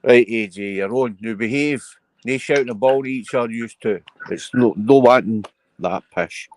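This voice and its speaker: A man's voice: medium pitch, normal speed, a little mellow, a little hiss or hum. A Scottish man hosting a casual live chat stream, telling his callers off now and then. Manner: chatty, scolds callers. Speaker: livestream host.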